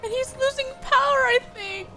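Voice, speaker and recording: A woman's voice: extremely high pitch, normal speed, bright, forceful tone, faint music behind. A young woman streamer reacting to a game live, tearful and laughing and swearing freely.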